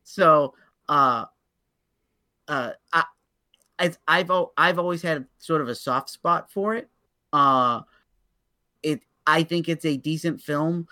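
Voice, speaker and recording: Male podcast co-host, bright slightly high voice, chatty and opinionated, dry mic. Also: slow pace, long pauses, dry recording. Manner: opinionated, stammers on restarts, laughs while telling stories. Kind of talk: casual chat.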